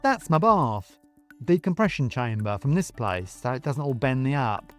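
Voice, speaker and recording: A man's voice: mid-range voice, very animated, moderate pace, faint music behind, close to an everyday voice. A man voicing a chatty young woman warehouse worker who rambles on. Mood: breezy. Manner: breezy, rambling.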